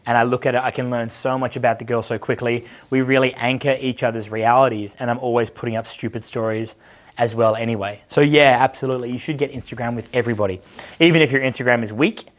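Thirties male coach, casual brash seminar talker, swears freely, mid-pitched. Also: steady tone, fast. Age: 30s. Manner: brash, profane, storytelling. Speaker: dating coach. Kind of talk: casual seminar talk with audience questions.

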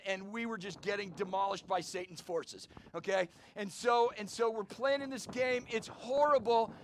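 A middle-aged male pastor preaching an energetic, storytelling sermon outdoors and calling for amens. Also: extremely high pitch. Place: outdoor church service.

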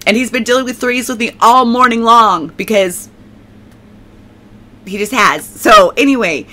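Bright-voiced woman rambling through her testimony. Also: a little high, a little slow, long pauses. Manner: rambling and emphatic, heavy filler "like", repeats herself; prays aloud. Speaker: faith testimony speaker. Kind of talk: casual spoken testimony.

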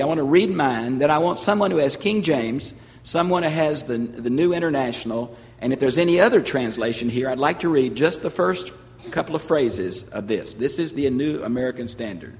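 An older man with a Southern US accent teaching a sermon to a congregation, explaining with emphasis and slowing on key phrases. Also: a little high, lively intonation. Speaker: pastor and Bible teacher. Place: large church sanctuary. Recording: long hall reverb.

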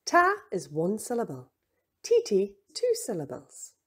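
A woman's voice: medium pitch, huge pitch swings, unhurried, fairly bright tone, husky. A woman teacher leading a playful children's rhythm lesson, chanting the beats.

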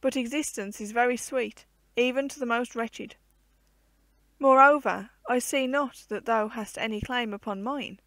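A woman's voice: on the high side, a little slow, fairly bright tone, dry recording. A woman voicing an aged, lonely, poor male hermit who clings to life, in solemn old-fashioned storybook speech. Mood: remorseful.

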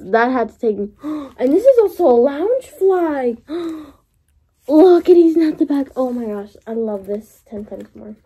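A young woman hosts an unboxing vlog, gushing and letting out excited gasps and squeals. Her voice sits high and soft, with a breathy, husky edge and a mellow tone. She takes her time, talking in an unhurried way. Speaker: vlogger.

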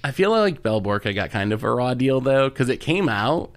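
A man's voice: medium pitch, big pitch swings, moderate pace. A man co-hosting a casual podcast, easygoing and self-deprecating. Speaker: podcast co-host. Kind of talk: casual chat.

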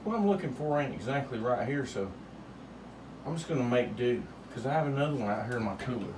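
Casting note: joking man, middle-pitched, rambling drawl, noisy home kitchen recording. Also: expressive, fast talker. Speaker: home cocktail show host. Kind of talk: casual cocktail demonstration.

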